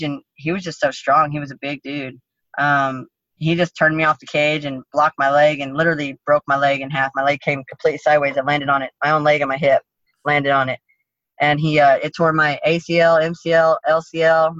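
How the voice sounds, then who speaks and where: A woman tells her story bluntly and profanely, with a lot of animation. Her voice is bright and forward. The recording is dry and a little dull. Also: low voice, flat delivery, a little fast, no room sound. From United States. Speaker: interview guest, MMA fighter. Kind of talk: casual storytelling interview.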